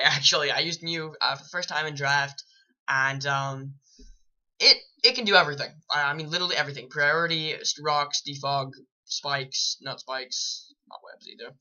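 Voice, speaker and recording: A man's voice: on the high side, bright, forceful tone, muffled recording. A man doing casual commentary on competitive game teams, rambling and correcting himself as he goes. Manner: rambling, self-correcting, chuckling at own slips. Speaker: Pokemon draft league co-host.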